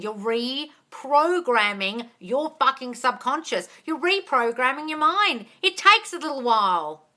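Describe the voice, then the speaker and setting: Bright-voiced woman, blunt and sweary. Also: mid-range voice. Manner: blunt and swears freely, calls viewers darling, reads comments aloud. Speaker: manifestation coach answering live questions. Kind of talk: casual live-stream Q&A. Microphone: phone or webcam on a live stream.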